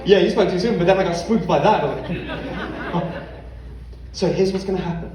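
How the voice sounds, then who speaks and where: Playful high-voiced man running a stage game. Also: normal speed, noisy background. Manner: playful, laughing often. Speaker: game master. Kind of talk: hosting a live stage game. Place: stage before a live audience. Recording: echoey hall, far mic, crowd.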